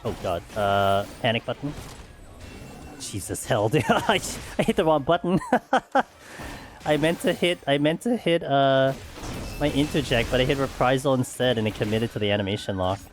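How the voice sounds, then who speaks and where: A man's voice: mid-range voice, lively intonation, normal speed, faint music behind. A man streaming a game, chatting casually with friends in a loose, rambling way and laughing often. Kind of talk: casual chat while gaming.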